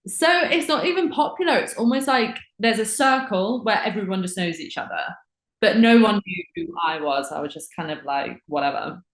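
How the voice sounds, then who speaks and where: A woman's voice: mid-range voice, expressive, normal speed. A young woman with a London English accent, chatting casually as a podcast guest, swearing freely and filling her talk with "like.". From England. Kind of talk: casual chat. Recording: roomy echoey sound.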